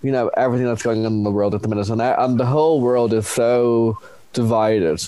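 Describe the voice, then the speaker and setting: A man's voice: mid-range voice, fairly quick, no room sound. A young man with an Irish accent chatting as a guest, telling stories animatedly. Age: young adult. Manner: animated storyteller, acts out voices. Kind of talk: casual chat.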